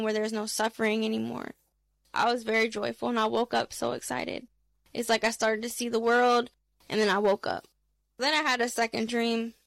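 A woman's voice: a little high, a bit bright, dry recording. A young woman, emotionally recounting a dream and urgently preaching. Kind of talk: testimony of a dream, preaching to camera.

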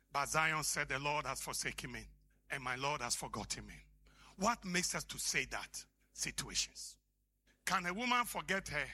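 A man preaching a sermon, swinging from shouted peaks to hushed, whispered lines. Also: a little high.

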